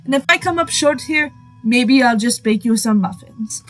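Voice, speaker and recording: A woman's voice: a little high, animated, normal speed, fairly bright tone, low-quality recording. A woman voicing an older male rancher with a put-on Spanish accent, speaking earnestly and dropping in Spanish words.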